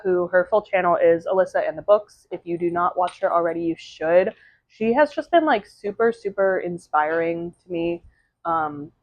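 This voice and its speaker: A woman's voice: lowish voice, no echo, highs cut off. A woman chatting casually to the camera in a home vlog, rambling and filling her speech with "um" and "like". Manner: chatty, rambling, lots of fillers like "um" and "like". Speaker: vlogger and aspiring novelist. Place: at home, indoors.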